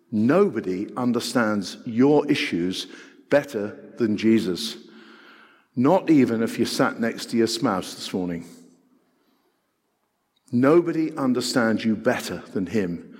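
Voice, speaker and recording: Preacher in an echoing hall. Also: male voice, fairly low pitch, lively intonation, takes it slowly, long pauses, husky. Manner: earnest, rhetorical questions, shifting between loud and hushed. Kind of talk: sermon. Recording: long hall reverb.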